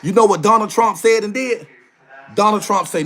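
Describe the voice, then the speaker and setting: A man's voice: sits high, normal speed, fairly bright tone, faint music behind. A man ranting on a livestream in a heated, emphatic way, repeating his phrases again and again. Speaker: live streamer. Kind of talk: casual livestream rant.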